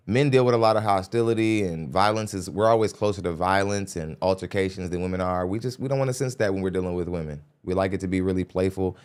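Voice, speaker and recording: Speaking into a studio microphone, a podcast host with a deep, smooth voice reacts to a clip. He comments bluntly and lectures his listeners in a casual manner.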